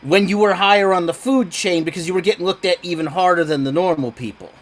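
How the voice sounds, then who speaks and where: Podcast co-host, male, a touch high-pitched, wry and offhand. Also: fast. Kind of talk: casual movie discussion.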